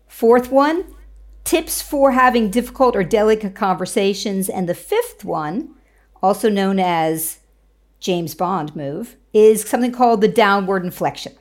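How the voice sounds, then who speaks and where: A woman's voice: medium pitch, darkish tone. A woman communication coach, a guest on a show, explaining tips confidently and laughing easily. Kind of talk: interview guest.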